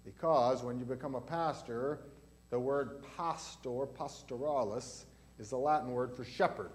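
Speaking at a medium pitch and a little slowly, this man is a pastor leading a church catechism lesson for children and adults. He questions the children throughout his teaching.

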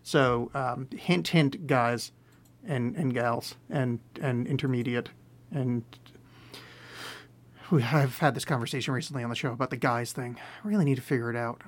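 A man's voice: mid-range voice, moderate pace. A man hosting a solo podcast, rambling and self-deprecating with dry sarcastic asides, talking from a room at home. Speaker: podcast host.

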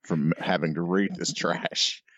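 A man's voice: sits low, steady tone, measured pace, fairly bright tone, dry recording, lo-fi sound. A man co-hosting a casual comics podcast, dry and hesitant, often restarting his sentences. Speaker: podcast co-host.

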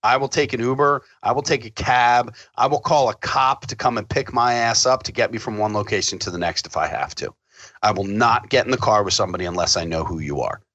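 A man telling travel stories in casual chat, profane and animated, acting out the lines of the people in them. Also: lowish voice, brisk, no echo, dull audio.

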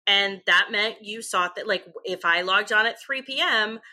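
A woman in her thirties chatting casually as a co-host. Her voice is bright and forceful, and she keeps up a lively, joking tone full of asides. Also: mid-range voice, normal speed. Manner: chatty, animated, jokey asides. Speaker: podcast co-host. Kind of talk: casual chat.

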